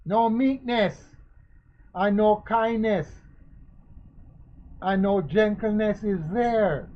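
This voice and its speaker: A man giving spoken commentary, asking questions again and again and preaching in a slow, emphatic way. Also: high-pitched. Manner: rhetorical, repetitive questioning. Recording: dull lo-fi recording.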